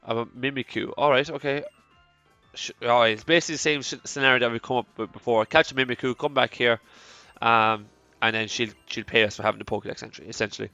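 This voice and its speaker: Rambling Irish let's play host. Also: male voice, medium pitch, steady tone, quick pace, bright, forceful tone, smooth, no room sound, faint music behind. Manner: rambling, self-deprecating, chatty with restarts. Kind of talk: casual gameplay commentary.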